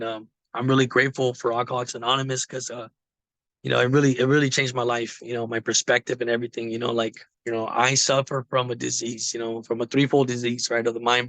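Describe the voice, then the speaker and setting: A man's voice: mid-range voice, a bit bright, no room sound. A man telling his recovery story in a casual, rambling way, with many fillers. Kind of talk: casual personal testimony.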